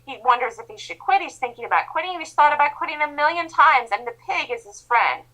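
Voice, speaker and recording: A woman trading instructor gives a motivational talk with emphatic insistence. Her voice is bright and sits a little high. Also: lively intonation, fast, poor audio. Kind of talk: motivational lecture.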